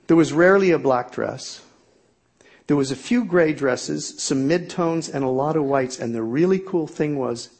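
A man's voice: fairly high pitch, creaky, darkish tone, breathy edge. A middle-aged man telling a humorous personal story to an audience in a self-mocking, exaggerated comic way.

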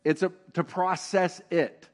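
Animated middle-aged male pastor. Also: sits high, measured pace. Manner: animated, swings from loud to hushed. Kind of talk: sermon.

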